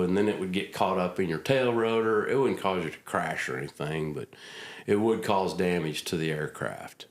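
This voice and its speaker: A middle-aged man, a retired army helicopter pilot, telling stories in a casual, folksy interview. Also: deep voice. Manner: folksy anecdotal storyteller, acts out quotes. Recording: roomy echo.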